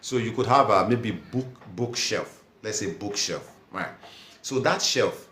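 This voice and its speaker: A man with a mid-range voice leads a language lesson at an unhurried pace. He says each word over and over for learners to copy and stops to read out viewers' comments. The room around him gives his voice a noticeable echo. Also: on the low side, expressive, bright, forceful tone, slight background noise. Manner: slow, repeats words for learners to copy. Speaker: language teacher. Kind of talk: teaching a language lesson live.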